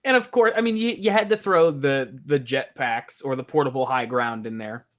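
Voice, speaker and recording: A man chatting on a casual fan podcast in an even, mid-pitched voice. He stumbles and restarts often before settling into his point. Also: moderate pace. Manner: hesitant, stumbling starts. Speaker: podcast co-host. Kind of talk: casual panel chat.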